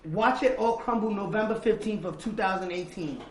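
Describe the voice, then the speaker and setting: A man telling a long personal story in an interview. He repeats phrases, acts out remembered dialogue and drops to a low, quiet voice for the tense parts. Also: normal speed, slight background noise. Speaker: interview guest. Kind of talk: casual storytelling. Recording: roomy echo.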